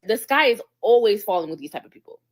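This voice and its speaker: Female co-host, rapid talker, chatty slang-filled storytelling. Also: mid-range voice, expressive. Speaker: livestream co-host. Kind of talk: casual chat.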